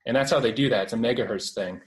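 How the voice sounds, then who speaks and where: A man's voice: mid-range voice, racing, low-quality recording. A young man in his twenties with a Canadian accent, a guest on an interview, talking casually and rambling with many fillers and restarts. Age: 20s.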